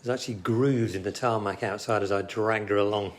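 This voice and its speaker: A man's voice: lowish voice, fairly even intonation, fairly quick. A man bantering with dry humour beside a cooking host and reading out viewer comments. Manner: dry, joking. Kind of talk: casual banter.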